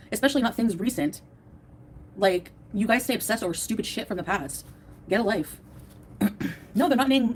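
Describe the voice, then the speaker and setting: A woman streams from home and tears into her chat in a fast, defensive rant full of swearing. She sounds tired and worn down, with her pitch sitting in a middle range. A faint hum of room noise sits under her voice. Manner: defensive, profane, ranting at viewers. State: tired, in a bad mood. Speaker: livestreamer. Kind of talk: angry livestream rant to chat.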